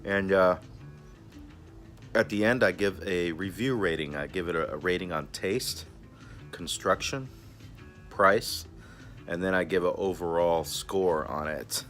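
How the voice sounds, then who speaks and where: A laid-back man with a very deep voice chats his way through a cigar review. He is casual and friendly and keeps referring to himself in the third person. He is recorded outdoors in a backyard, with faint music in the background. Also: a little slow, pauses often, a bit bright. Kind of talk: casual vlog talk.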